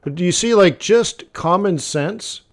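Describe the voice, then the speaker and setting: This forex coach talks to the viewer in a high voice with lively intonation, moving a little slowly through his live trading session. His style is blunt and chatty, full of repeated phrases and frequent "okay" and "like" fillers.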